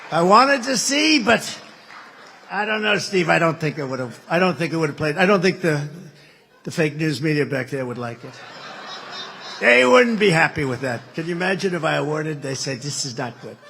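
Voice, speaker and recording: An American man in his seventies delivers a political keynote speech, his voice a little high, brisk and animated, with vocal fry and a slightly bright tone. He tells rambling stories packed with repeated superlatives. Some chatter and a faint hiss or hum sit in the background.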